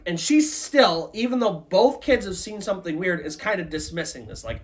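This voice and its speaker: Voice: mid-range voice, animated, normal speed, hardly any pauses. A storyteller giving a live, loosely conversational retelling of a ghost story. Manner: loose conversational telling with many "like" and "kinda".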